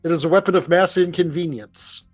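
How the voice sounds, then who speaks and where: A man playing a tabletop game, chatty and quick with joking asides. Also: on the high side, faint music behind. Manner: chatty, quick, laughing asides, stammering restarts. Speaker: player. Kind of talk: casual tabletop play.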